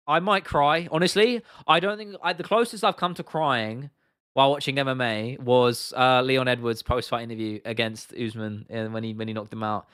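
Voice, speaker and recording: A man's voice: medium pitch, sharp tone, clean tone, no echo, clean studio sound. A young man from England hosting a casual livestream, talking bluntly and swearing freely while reacting to viewer comments. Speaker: livestream host.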